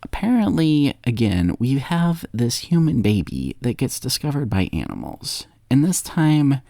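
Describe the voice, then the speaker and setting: A man's voice: mid-range voice, a little slow, gravelly, dry recording, studio quality. A young man co-hosting a podcast, retelling a movie in a slangy, jokey way. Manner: slangy, jokey, animated storytelling. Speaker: podcast co-host.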